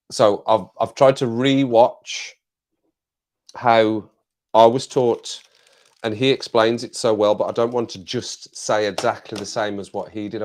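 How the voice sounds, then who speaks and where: An Englishman with a lowish, darkish voice hosts a casual live stream, rambling to his viewers, repeating phrases, and laughing frequently.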